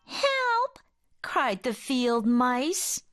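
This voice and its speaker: Female picture-book reader: gentle, slow, high and animated. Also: dry recording, soft background music. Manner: gentle, expressive read-aloud. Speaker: storybook reader. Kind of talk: reading a children's picture book aloud.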